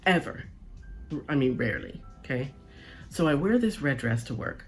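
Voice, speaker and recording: A woman's voice: rumbling low, fairly quick, soft background music. Chatty woman telling a work story. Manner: chatty, animated, keeps checking in with "right?" and "okay?". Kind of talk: casual storytelling.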